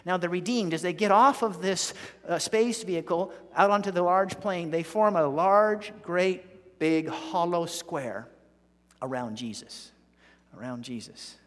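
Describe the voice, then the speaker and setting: A man preaching a sermon, telling a vivid story that swells to loud peaks. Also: high-pitched, measured pace. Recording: long hall reverb.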